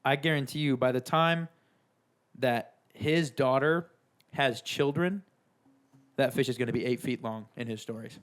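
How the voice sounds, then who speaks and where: A man's voice: medium pitch, a little slow, a bit bright, soft background music. A young man co-hosting a podcast, telling a story in an enthusiastic, playful casual chat. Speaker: podcast co-host.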